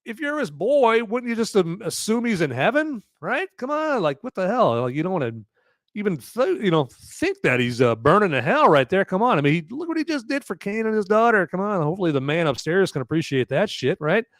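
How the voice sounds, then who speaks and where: A man rambles through a live movie-review podcast, joking and cursing as he goes. His pitch leaps around, and the close recording is dry with no room sound. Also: fairly quick, dry recording. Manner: rambling, animated, jokey, swears. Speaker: podcast host reviewing a film. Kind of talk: casual live-stream chat.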